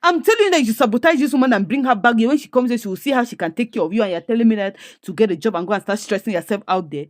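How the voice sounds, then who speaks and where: A woman's voice: on the high side, animated, rapid-fire, hardly any pauses, dry recording, studio quality, close to an everyday voice. A woman with a Nigerian accent quoting a pushy, scheming male friend in her own voice. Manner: pushy, exclaiming.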